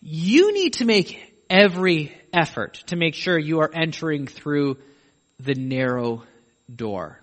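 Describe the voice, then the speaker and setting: A man's voice: a little high, very animated, slow, fairly bright tone. A man preaching a sermon, emphatic and pressing questions on his listeners. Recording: echoey hall with long reverb.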